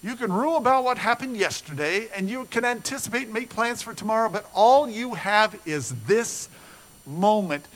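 In a rough recording, an older pastor preaches an earnest, story-driven sermon at a moderate pace. His delivery climbs into animation, then settles low and soft.

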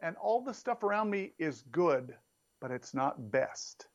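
A man preaching a sermon in an emphatic, animated way, his voice jumping up for emphasis. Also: measured pace. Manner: emphatic, animated preaching with sudden rises in pitch.

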